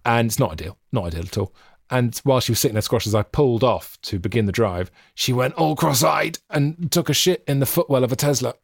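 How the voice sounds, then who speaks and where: A man in his thirties co-hosts a podcast from home, chatting casually and telling rambling, self-mocking stories. His medium-pitched voice is gravelly and husky, fairly quick with few pauses. He uses a USB podcast mic with headphones, and the sound is clean studio quality with no echo.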